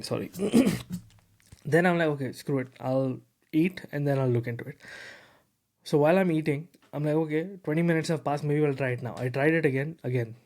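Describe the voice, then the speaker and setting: A man hosting a tech podcast, telling a story in a lively, casual way with lots of fillers and repeated words. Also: mid-range voice. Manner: animated, repeats words, heavy fillers like "bro" and "you know". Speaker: podcast host.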